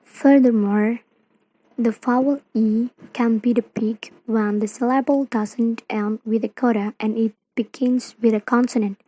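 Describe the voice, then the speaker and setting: A young woman, a non-native speaker of English from Indonesia, slowly reads out a student presentation on phonetics, with grammar slips along the way. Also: on the high side, fairly even intonation, warm tone, poor audio. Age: young adult. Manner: slow careful reading with non-native grammar.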